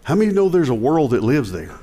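A man's voice: fairly high pitch, big pitch swings, a little fast, mellow. A male pastor with a Southern American accent, preaching a conversational sermon with jokes and emphatic rising passages.

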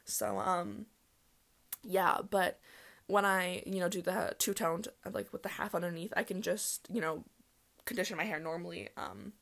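A woman's voice: lowish voice, fairly even intonation, measured pace, vocal fry, fairly bright tone. A young woman hosting her own solo podcast, chatting in a rambling way full of ums and restarts. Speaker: podcast host. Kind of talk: casual solo podcast chat.

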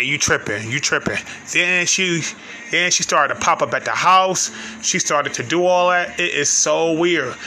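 A man ranting comically in a high voice that is very bright, forceful and sharp. He talks in brash, cursing slang and rambles loosely from one point to the next, filling the gaps with loose asides. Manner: loose, rambling delivery with many fillers. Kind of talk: profane comic rant to the audience.

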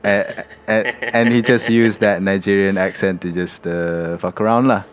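A man's voice: lowish voice, fairly even intonation, unhurried. A man with a Malaysian English accent chatting casually as a guest, hesitant and slipping Malay words into his English. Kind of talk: casual chat.

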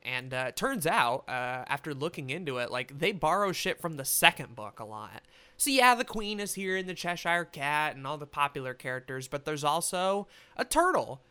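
A man's voice: fairly high pitch, sing-song, normal speed, pushed and bright, smooth. A young man giving a rambling, casual movie review, swearing freely and talking with animation. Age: young adult.

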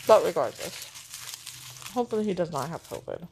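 A woman's voice: lowish voice, big pitch swings, a little fast, gravelly, background noise. A middle-aged woman chatting casually, a gushing grandmother with lots of fillers. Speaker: vlog co-host, grandmother. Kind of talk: casual breakfast chat.

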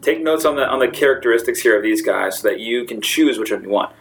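A man's voice: medium pitch, expressive, fast talker, soft background music. Man running a tabletop game as game master. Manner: laughs often, restarts sentences. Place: brewery.

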